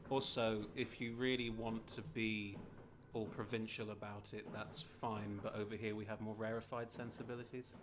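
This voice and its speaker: A man's voice: lowish voice, little pitch movement, moderate pace, background noise, close to an everyday voice. A man playing a haughty, snobbish shapeshifter. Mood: condescending. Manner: pompous, condescending. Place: live theatre stage.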